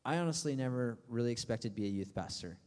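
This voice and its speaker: A man's voice: mid-range voice, lively intonation, fast, a little mellow. A young man preaching to a youth group as their pastor, talking casually with lots of fillers and playful asides. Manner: casual and chatty, full of fillers, acting out friends' voices for laughs. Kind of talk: youth sermon. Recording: long hall reverb.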